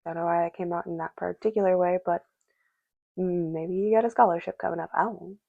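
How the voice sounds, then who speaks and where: A woman's voice: fairly low pitch, steady tone, quick pace, gravelly, dry recording, phone-quality sound. A woman giving a casual spoken tarot reading, musing aloud and speaking directly to the spirits and to her viewers. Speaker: tarot reader.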